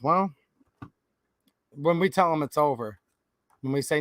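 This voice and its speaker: Man, livestream host, ranting to chat, high voice, dry room. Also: measured pace, a bit bright, no echo. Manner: ranting, reads out viewer names.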